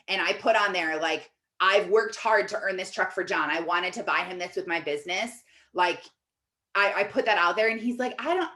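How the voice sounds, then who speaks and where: A woman in her thirties coaching in a chatty, casual teaching talk, animated storytelling full of fillers. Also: medium pitch. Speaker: life coach.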